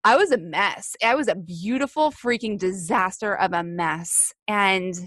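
A woman's voice: medium pitch, measured pace, fairly bright tone, no echo, clean studio sound. A woman hosting a heartfelt solo podcast, talking earnestly and repeating phrases for emphasis. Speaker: podcast host.

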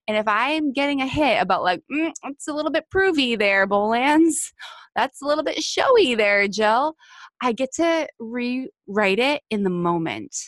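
A woman's voice: mid-range voice, no echo, studio quality. A woman hosting a heartfelt solo podcast, talking earnestly and repeating phrases for emphasis. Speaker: podcast host.

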